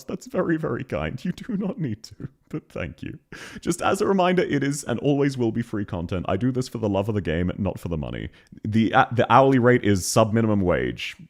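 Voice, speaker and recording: An Australian man streaming, chatting casually, self-deprecating, swearing and laughing often. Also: on the low side. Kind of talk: casual live-stream chat.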